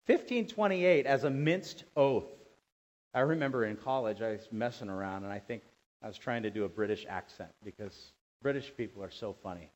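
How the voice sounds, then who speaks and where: A male pastor delivering a sermon with a lively, swooping delivery. He moves from hushed asides to loud, emphatic peaks. The recording sounds dull and lo-fi. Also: on the low side, moderate pace. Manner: animated, swings from quiet asides to loud emphatic bursts.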